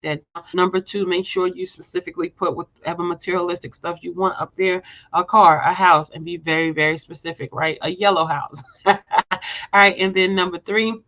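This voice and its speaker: A woman giving a motivational live-stream talk with preachy emphasis, circling back to repeat her points and checking in with "right?". She speaks straight to her viewers and calls them "y'all". The audio is dull and muffled, like a low-fi stream. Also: fairly even intonation, brisk, sharp tone. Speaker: host of a live show; healthcare staffing agency owner.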